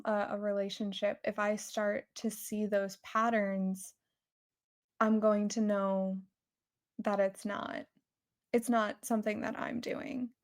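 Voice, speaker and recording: A woman in her twenties, a podcast guest, talking reflectively and supportively in casual chat, full of fillers. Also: medium pitch.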